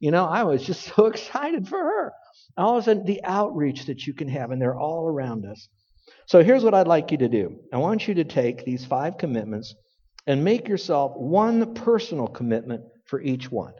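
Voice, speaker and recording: A man's voice: a little high, big pitch swings, moderate pace, warm tone, breathy edge. A man preaching a sermon, telling a folksy story and building to emphatic points. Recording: dull lo-fi recording with long hall reverb.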